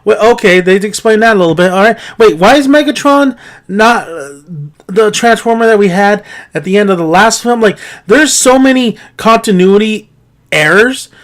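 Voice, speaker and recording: A man's voice: sits high, lively intonation, moderate pace. A man giving an exasperated, profane film-review rant, firing off incredulous rhetorical questions and laughing between points. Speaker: movie reviewer.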